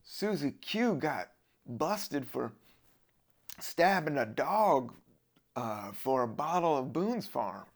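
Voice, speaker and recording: A man's voice: mid-range voice, very animated, slow. A man voicing a gossiping small-town local with a put-on Southern US accent, sounding breathless and shocked. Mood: gossipy.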